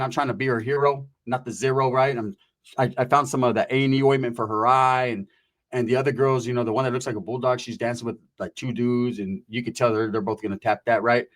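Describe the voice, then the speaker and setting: A young man telling a crude, slangy comic story, tagging lines with "right?". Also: medium pitch.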